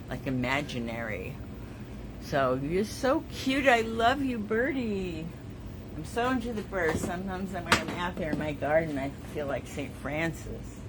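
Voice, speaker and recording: A woman's voice: sits low, noisy background. A woman artist hosting her own weekly show, chatting casually and effusively as she shows her work, with rambling asides. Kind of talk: casual live show-and-tell.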